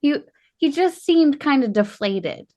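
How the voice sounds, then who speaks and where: A woman co-hosting a podcast, chatting casually in a loud and blunt way. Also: sits high, lively intonation, a little slow. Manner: loud, blunt, self-described angry. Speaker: podcast co-host. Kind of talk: casual chat.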